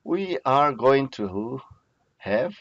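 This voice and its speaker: Male lecturer, slow drilling delivery, dry lo-fi recording. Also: mid-range voice, big pitch swings, dry recording. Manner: slow, repeats each word to drill pronunciation. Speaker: Biblical Hebrew teacher. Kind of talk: recorded lecture over slides.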